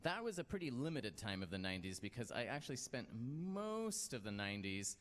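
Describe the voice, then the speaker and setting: An American man hosting a live storytelling night tells a personal story, rambling and self-deprecating, with plenty of fillers. His mid-range voice swings widely in pitch and moves a little fast, with long hall reverb around it.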